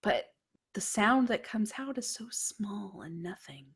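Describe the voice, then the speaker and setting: Slow, hushed woman game master. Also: medium pitch, big pitch swings, slightly rough. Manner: hushed, dreamy storytelling that drops to whispers. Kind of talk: narrating a tabletop horror game.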